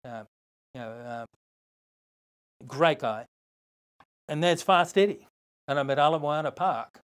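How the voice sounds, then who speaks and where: An older man with an Australian accent, a podcast guest telling a long story in a lively, casual way, acting out other people's lines. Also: on the high side, measured pace, smooth. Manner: animated, swearing, acts out other voices.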